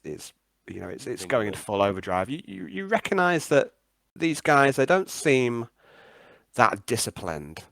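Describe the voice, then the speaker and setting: A man's voice: mid-range voice, fairly bright tone, dry recording. A man, running a tabletop game as game master and narrating with hesitant starts. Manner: hesitant, many ums and restarts.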